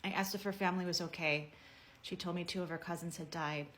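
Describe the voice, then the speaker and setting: A woman telling a personal story in a heartfelt message to camera, speaking earnestly and at a measured pace. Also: on the low side, steady tone, fairly bright tone, a little hiss or hum.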